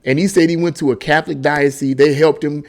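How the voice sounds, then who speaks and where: A man's voice: fairly high pitch, fairly even intonation, fairly quick. A middle-aged man giving a casual opinion monologue, emphatic and rambling, often restarting and repeating words. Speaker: political commentary vlogger.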